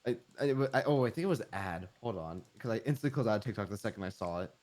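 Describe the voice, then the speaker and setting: A man's voice: lowish voice, expressive, rapid-fire, darkish tone, slight background noise. A man from Britain co-streaming, teasing and playful in casual chat. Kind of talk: livestream chat.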